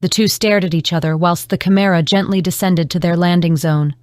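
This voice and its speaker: Woman audiobook narrator, low and steady, dry close recording. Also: brisk, no room sound. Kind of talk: scripted narration.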